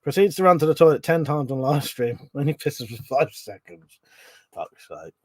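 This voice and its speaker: A man's voice: a little high, sing-song, normal speed, no room sound. A middle-aged man hosting a casual live stream, swearing freely, laughing often and chatting about viewers' comments.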